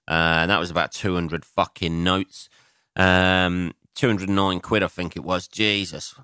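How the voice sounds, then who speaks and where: A young adult man doing a casual solo podcast monologue as a comedian, swearing a lot, mocking himself and answering his own asides in a higher voice. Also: level tone, unhurried, bright, forceful tone, clean tone, no echo, studio quality.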